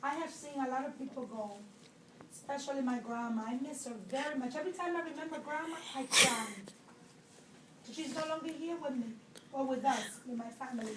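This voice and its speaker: A woman's voice: high-pitched, a little fast, roomy sound, recorded from a distance, heavy background noise. A woman teacher crying as she talks to her class, pleading and scolding the children in turn. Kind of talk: emotional classroom farewell speech.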